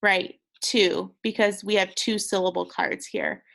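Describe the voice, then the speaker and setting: A woman's voice: mid-range voice, a little slow, creaky, a bit bright. A young woman teaching second graders a recorded phonics lesson, patient and encouraging, sounding out words with care.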